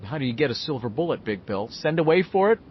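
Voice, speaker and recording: A man voicing a cocky boy who talks in quick, teasing jokes, in a slightly muffled recording. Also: medium pitch, very animated, slight background noise, close to an everyday voice. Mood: wisecracking.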